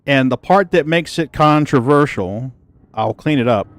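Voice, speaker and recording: A man casually chatting with his stream viewers, telling a story in an animated, profane way and laughing easily. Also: mid-range voice, a little slow. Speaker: gaming livestreamer.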